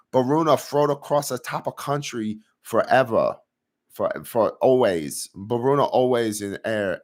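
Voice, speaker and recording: A man's voice: medium pitch, natural voice. A man voicing a boastful male Chinese official who speaks clipped, broken English with a Chinese accent. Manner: bragging, repetitive, clipped broken grammar.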